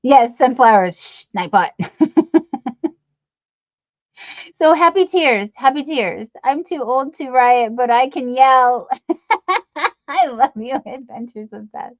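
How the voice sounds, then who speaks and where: A woman's voice: high voice, animated, takes it slowly, pauses often, no echo, highs cut off. A middle-aged woman hosting a late-night live stream, chatting and reading out comments in a rambling, giggly, affectionate way with lots of fillers. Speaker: livestream host.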